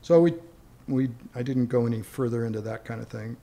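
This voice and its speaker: A man with a warm, mid-range voice speaks briskly as a guest storyteller, casually rambling through a long anecdote. He often repeats words when starting a thought.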